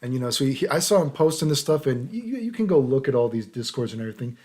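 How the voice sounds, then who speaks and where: Man, vlog host, heated rant, swearing, computer mic, medium pitch. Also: big pitch swings, fast, a little mellow. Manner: heated, swears, keeps asking "right?". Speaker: channel host. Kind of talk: unscripted ranting monologue. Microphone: computer microphone.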